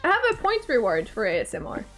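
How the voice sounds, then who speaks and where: A young woman's high-pitched voice, playful and teasing as she chats with her live-stream audience, often breaking into mock-dramatic laughter. She talks into a desk mic at home, with faint game music softly behind her. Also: huge pitch swings, quick pace. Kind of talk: casual live-stream chat, reading chat aloud. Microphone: desk microphone.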